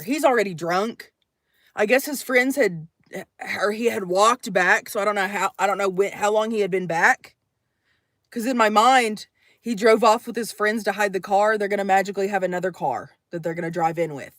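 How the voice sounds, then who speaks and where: A young woman telling a story to her camera from inside her minivan, jumping between loud acted quotes and hushed asides. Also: medium pitch, dry recording, studio quality. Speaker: vlogger.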